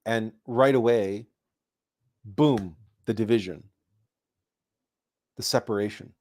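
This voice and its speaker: A man hosting a spiritual talk show, speaking in a monologue that grows animated as he acts out imagined people. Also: fairly low pitch, slow pace. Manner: animated storytelling, acting out imagined people in raised voices. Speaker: host.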